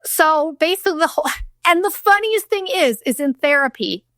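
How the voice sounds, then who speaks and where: A woman's voice: high voice, animated, moderate pace, a bit bright, no room sound, clean studio sound. A woman in her thirties hosting her own show, telling a personal story bluntly, with profanity and acted-out quotes. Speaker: podcast host. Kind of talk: candid storytelling monologue.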